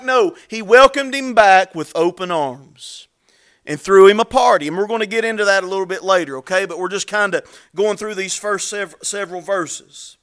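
A man preaching a sermon in a high, bright voice. He talks in a folksy, conversational way, full of asides and repeated phrases. When he acts out the scripture, he pushes his voice up. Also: moderate pace. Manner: rises in pitch and volume when dramatizing scripture.

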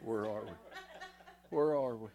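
A man's voice: on the low side, measured pace, creaky, muffled recording. A man preaching a sermon in a church in a folksy, teasing way, somewhat out of breath. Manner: folksy, teasing the congregation, spells words letter by letter.

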